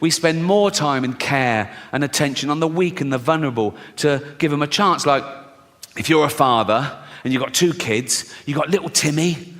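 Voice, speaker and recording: A man's voice: fairly high pitch, normal speed, fairly bright tone. A man performing stand-up comedy, telling crude, sardonic stories full of swearing. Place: live comedy venue on stage. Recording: live hall reverb, faint noise.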